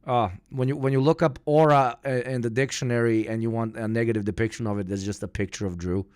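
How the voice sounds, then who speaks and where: A man's voice: medium pitch, steady tone, quick pace, a little mellow, clear, resonant tone, no room sound. Crude, laughing male streamer, dry sound. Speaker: live streamer reacting to videos. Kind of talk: casual live-stream reaction.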